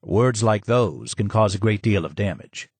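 A man reading the lines of a courteous elderly novelist in a soft, measured, polite voice. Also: on the low side, expressive, breathy edge, no echo.

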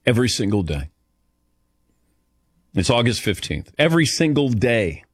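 A middle-aged man hosts a call-in talk show, his pitch swinging widely as he rambles and pokes fun at himself. The sound is dry and close, with little room around his voice. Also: normal speed, no room sound. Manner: self-deprecating, rambling, animated. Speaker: radio show host. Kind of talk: casual call-in chat.

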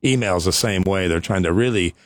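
Male radio host, quick chatty delivery, lowish voice, dry studio sound. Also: no room sound. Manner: quick, chatty, laughs often. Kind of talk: casual radio talk.

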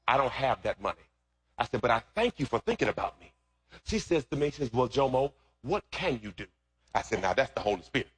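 A man preaching a sermon as pastor, shifting from easy storytelling into loud, shouted preaching. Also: medium pitch, noisy background.

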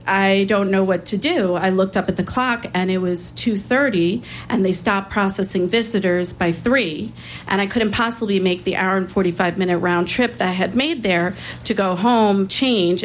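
A woman public defender telling a personal story in a conversational way, with small restarts and pauses. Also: medium pitch, slight background noise.

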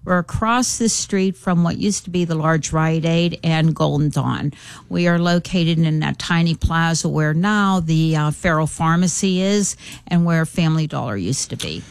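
A woman's voice: sits low, moderate pace, creaky, smooth, dry recording. A woman from the Pittsburgh area, a guest on a radio interview, explaining plainly with a few fillers. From North Hills, Pittsburgh. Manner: plain, informative, hesitant fillers. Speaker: guest, program coordinator. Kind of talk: interview answers.

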